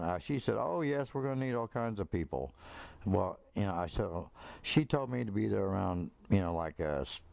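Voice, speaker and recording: Rambling man with a gravelly low voice. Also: a little mellow, no echo. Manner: rambling, many fillers and restarts; acts out quoted voices. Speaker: storyteller. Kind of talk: casual personal storytelling.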